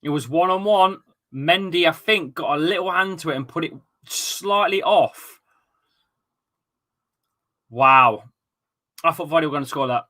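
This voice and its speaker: Bright, excitable young man commentating football. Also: on the high side, a little fast. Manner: excitable, swears, sudden shouts. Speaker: football watchalong host. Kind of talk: live match commentary and chat.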